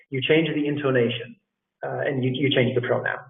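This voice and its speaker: A man's voice: mid-range voice, fairly even intonation, brisk, vocal fry. A middle-aged man, an English teacher, giving casual interview tips to learners, repeating phrases and calling his listeners "guys". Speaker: English teacher and language school director. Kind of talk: live talk on job interview tips. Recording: echoey room, distant tinny phone-like sound.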